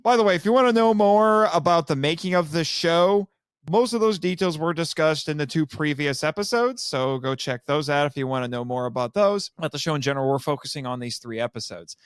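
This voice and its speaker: Fairly high-voiced guy hosting a podcast, talks in loose rambling bursts, keeps correcting himself, laughs a lot, dry close sound with no room. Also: lively intonation, a little fast, clean tone, dry recording. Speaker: podcast host. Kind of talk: casual chat.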